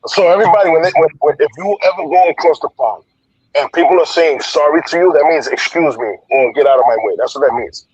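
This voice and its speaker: A man's voice: a little high, quick pace, slightly rough, lo-fi sound. A man chatting casually on a podcast, rambling and repeating words as he gets going. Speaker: podcast co-host. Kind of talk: casual chat.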